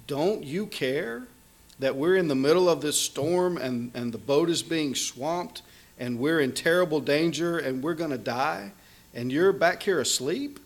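A man preaching a sermon, explaining scripture in a conversational teaching way with frequent fillers and restarts. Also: mid-range voice.

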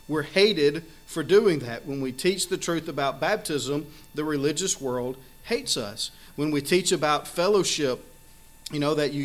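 A man preaching a sermon in an earnest, conversational way, reading scripture aloud and explaining it with frequent fillers. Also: a little high.

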